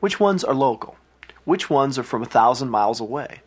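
A man narrating a lesson in a lively, guiding way from a script. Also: medium pitch, a little fast.

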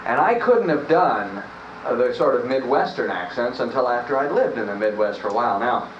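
A man from New Jersey explaining accents in a relaxed, hesitant way with many fillers. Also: mid-range voice, brisk, slight background noise. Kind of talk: interview and instruction. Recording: distant, roomy, dull lo-fi mic.

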